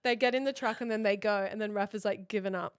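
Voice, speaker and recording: A woman in her thirties, co-hosting a podcast and telling a story in casual chat, animated and laughing as she acts out what people said. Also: mid-range voice, quick pace, clean tone. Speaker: podcast co-host.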